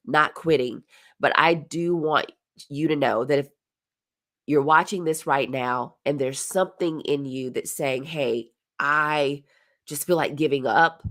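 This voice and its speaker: A woman in her forties with a notably low voice speaks as a career coach on a live stream. She talks earnestly and from the heart, circling back to repeat key phrases for emphasis. Her delivery is a motivational talk aimed straight at her viewers.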